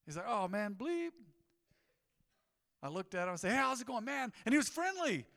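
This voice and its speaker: A middle-aged man preaching a sermon as pastor, telling stories in an animated way with rising emphasis. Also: extremely high pitch, quick pace, vocal fry. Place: church sanctuary. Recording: long hall reverb in a sanctuary.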